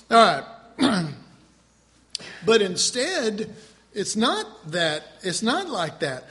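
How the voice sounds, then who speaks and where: A male pastor preaching a sermon in an animated, rhetorical way, with self-mocking asides. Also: sits high, in a large hall.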